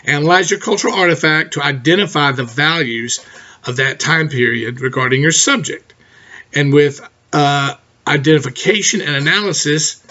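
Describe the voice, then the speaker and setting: A middle-aged man teaching a college writing class in a recorded lecture, talking fast and direct, often checking in with "okay?". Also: fairly high pitch, a bit bright. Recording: dull lo-fi recording.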